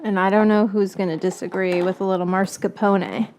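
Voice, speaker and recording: A woman's voice: medium pitch, level tone, brisk, a little mellow, a little hiss or hum. A woman hosting a casual cooking livestream, chatting playfully while she whisks and stirs, often joking at her own expense. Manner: playful, chatty, self-mocking. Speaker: cooking show host. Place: home kitchen.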